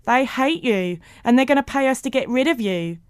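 A woman reading a story aloud and voicing a bossy, anxious man on a cleaning crew, whom she gives a loud, emphatic, blustering delivery. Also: medium pitch, normal speed, clear, resonant tone, dry recording, natural voice. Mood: angry.

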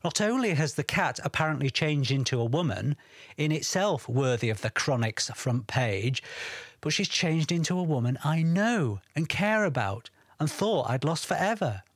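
A man's voice: fairly high pitch, lively intonation, moderate pace, husky, no echo, clean studio sound. A man narrating a first-person story, wry and reflective.

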